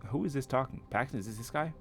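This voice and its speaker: A man's voice: medium pitch, quick pace, a bit bright, soft background music. Blunt man riffing over a story game. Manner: blunt, profane, talks back to the characters. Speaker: gaming channel host. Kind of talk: casual reactions while playing a story game.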